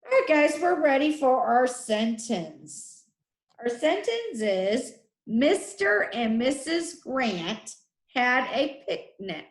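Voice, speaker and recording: A woman teacher leading a spelling lesson for children, sounding out letters and syllables slowly and deliberately. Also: sits high, big pitch swings, echoey room.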